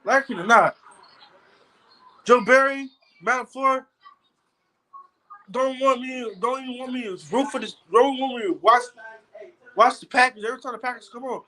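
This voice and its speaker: A man's voice: very high voice, fairly even intonation, normal speed, long pauses, sharp tone, slight background noise, poor audio. A man ranting angrily as a football fan on his own video channel, cursing and stammering over his words. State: angry. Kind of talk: heated fan rant vlog.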